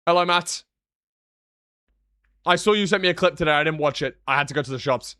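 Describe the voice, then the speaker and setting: A young British man chatting casually on a live stream, joking and sarcastic, with quick swings in energy. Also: a little high, pushed and bright, no room sound. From Britain. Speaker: streamer and analyst.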